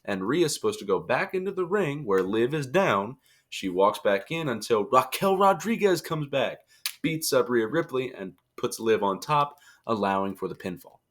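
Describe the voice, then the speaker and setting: A man's voice: medium pitch, sing-song, moderate pace, a bit bright. A tired young man giving a casual, joking wrestling review and acting out quotes in silly voices. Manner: chatty, jokey, acts out quotes in funny voices.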